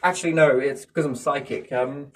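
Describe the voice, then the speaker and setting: A man's voice: on the high side, steady tone, a little fast, slight background noise. A man musing in a casual chat, rambling from thought to thought and often asking rhetorical questions. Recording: voice a bit far from the mic.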